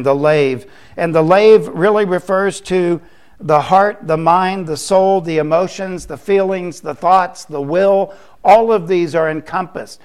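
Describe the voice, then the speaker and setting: A middle-aged man preaching a sermon as pastor, slow and emphatic, repeating key phrases for weight. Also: on the high side.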